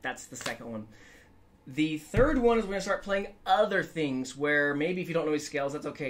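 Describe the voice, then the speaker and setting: A man's voice: on the high side, expressive, fairly quick. Upbeat male guitar teacher. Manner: upbeat, chatty, sings scales to demonstrate. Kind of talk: casual guitar lesson.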